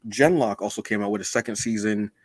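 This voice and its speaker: A man's voice: on the low side, quick pace, dry recording. A man co-hosting a podcast, chatting casually and animatedly, acting out quoted lines with self-deprecating asides. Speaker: podcast co-host.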